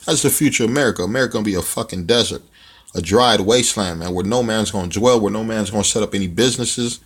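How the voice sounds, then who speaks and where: A man's voice: lowish voice, quick pace, husky. A man preaching bluntly with profanity, reading scripture aloud and commenting on it, often tacking "man" onto his phrases. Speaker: religious teacher.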